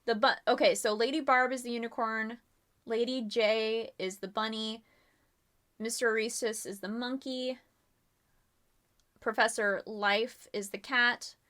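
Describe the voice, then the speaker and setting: A woman's voice: on the high side, steady tone, measured pace, long pauses, fairly bright tone. A woman streamer narrating a murder mystery game live, in a chatty style with many fillers.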